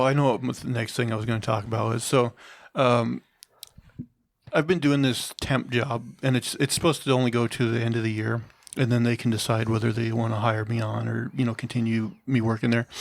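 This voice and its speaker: A man's voice: medium pitch, little pitch movement, brisk, gravelly, no echo. A man co-hosting a comedy podcast, rambling through stories in a laid-back way. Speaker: podcast co-host. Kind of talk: casual comedic chat.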